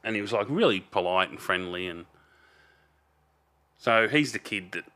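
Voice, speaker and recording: Casting note: Australian man, 50s, low voice, rambling podcast guest with blunt swearing. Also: animated, normal speed, sharp tone. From Melbourne, Australia. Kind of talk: casual storytelling.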